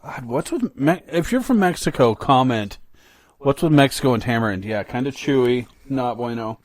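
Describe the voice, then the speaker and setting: A man's voice: mid-range voice, animated, moderate pace, no echo. A middle-aged man co-hosting a casual snack-tasting chat with his son, joking and reading package text in a mock announcer voice. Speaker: podcast co-host, father.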